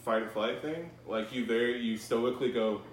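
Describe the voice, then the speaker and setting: A man's voice: medium pitch, moderate pace, distant mic. A man co-hosting a podcast, telling anecdotes casually, swearing freely and laughing through his lines. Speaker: podcast co-host. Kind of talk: casual chat. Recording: echoey room, mic set back, faint hiss.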